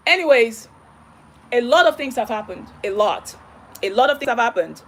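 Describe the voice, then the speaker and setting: A woman's voice: high voice, animated, a little fast, a bit bright. A young woman vlogger telling a personal story with emotion, emphatic and repeating herself, acting out the dialogue she quotes.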